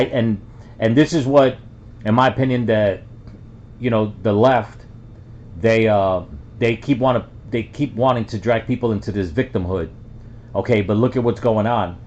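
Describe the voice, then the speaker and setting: A man from the Bronx talks through a casual reaction video in a lowish voice. He rambles, with fillers and restarts. The recording sounds dull and lo-fi. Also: a little mellow. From the Bronx, New York.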